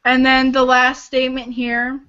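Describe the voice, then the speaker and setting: A woman hosting a casual livestream, talking earnestly in halting bursts with sighs and restarts. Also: high-pitched, monotone, pushed and bright, clear, resonant tone. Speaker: livestream host. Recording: dull lo-fi home stream audio.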